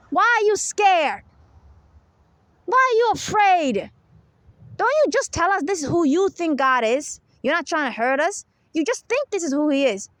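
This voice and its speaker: A woman with a very high voice talks straight to her listener in a close, dry recording. She is emphatic and presses point after point with rhetorical questions, like a host delivering a religious monologue. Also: a bit bright, no room sound.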